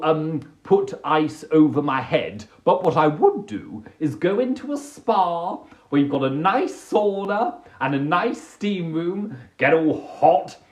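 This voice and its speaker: Animated, theatrical man. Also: fairly high pitch. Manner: animated, theatrical storytelling with put-on voices. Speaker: livestream host. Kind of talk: casual livestream chat. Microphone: phone livestream.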